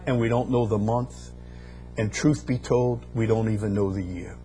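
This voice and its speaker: A man's voice: fairly low pitch, fairly even intonation, normal speed, warm tone, faint music behind. A man preaching a sermon, building emphasis through repeated phrases and rising bursts. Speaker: pastor.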